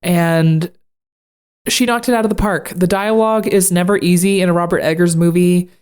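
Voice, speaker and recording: A woman co-hosting a podcast in casual chat, jokey and quick to laugh. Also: fairly low pitch, steady tone, a little mellow, clear, resonant tone. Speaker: podcast co-host.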